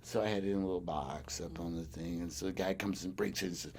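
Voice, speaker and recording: A man's voice: low-pitched, fast, husky. A farmer in an oral history interview, telling his stories with plenty of chuckles and acting out the voices of the people in them. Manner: animated storyteller who acts out quoted voices; chuckles often while telling. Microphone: recorder on a desk.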